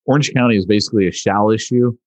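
A man co-hosting a casual podcast chat, telling family stories in a relaxed way. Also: lowish voice, quick pace, no room sound. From Southern California. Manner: relaxed storytelling. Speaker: podcast co-host.

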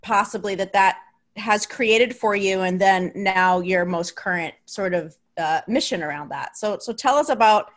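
A woman's voice: mid-range voice, moderate pace. A woman hosting an interview who sums up the guest's story and prompts him conversationally. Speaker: host.

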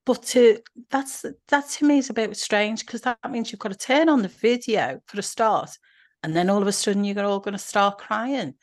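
A woman, a podcast guest chatting casually and telling anecdotes in a relaxed way. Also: medium pitch, moderate pace. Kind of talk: casual conversation.

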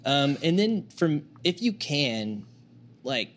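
A man's voice: fairly high pitch, very animated, takes it slowly. A man appearing as a podcast guest, an audio engineer who rambles and uses lots of fillers. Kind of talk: casual interview.

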